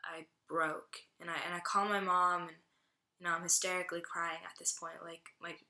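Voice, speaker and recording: A woman's voice: fairly low pitch, flat delivery, normal speed, sharp tone. A young woman telling a personal faith testimony, chatty and full of "like" fillers. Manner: chatty, heavy use of "like" fillers. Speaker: student giving a testimony. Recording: roomy echo.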